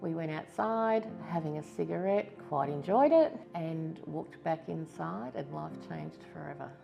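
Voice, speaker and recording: A low-voiced Australian woman in her fifties speaks with a gravelly edge. She tells her own story in a candid, reflective testimonial, with soft music faintly underneath. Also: animated, a little slow, highs cut off. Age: 50s. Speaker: stroke survivor giving testimony. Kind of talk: personal testimonial interview.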